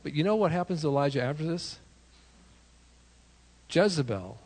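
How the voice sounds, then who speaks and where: A man, a pastor, preaching an animated sermon with self-deprecating asides and sudden shouted prayers. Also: fairly high pitch, normal speed.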